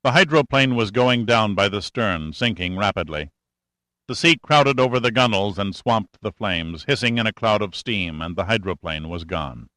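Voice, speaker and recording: A man narrating an adventure audiobook in a steady, measured way. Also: fairly low pitch, no echo. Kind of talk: scripted narration.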